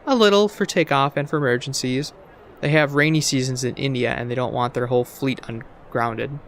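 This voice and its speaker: A man's voice: mid-range voice, fairly quick, fairly bright tone, a little hiss or hum, close to an everyday voice. A man voicing a chatty woman stallkeeper in a video game, explaining matter-of-factly.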